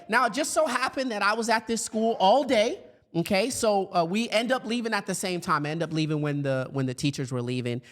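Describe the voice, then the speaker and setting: High-voiced man giving an animated motivational talk. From grew up in foster care. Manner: conversational, animated, many fillers and asides. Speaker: podcast host and speaker for educators.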